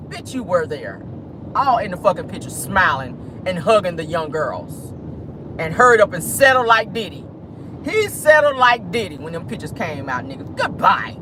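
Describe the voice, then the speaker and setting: A vlogger hosting a casual celebrity gossip monologue from inside a car, sassy and quick to laugh, calling listeners "honey" and "child.". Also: mid-range voice, big pitch swings, noisy background. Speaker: vlogger and gossip show host.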